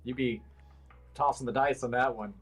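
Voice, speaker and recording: A man's voice: mid-range voice, fairly even intonation, normal speed, fairly bright tone. A man taking part as a guest in a casual roundtable podcast chat, rambling and restarting his sentences.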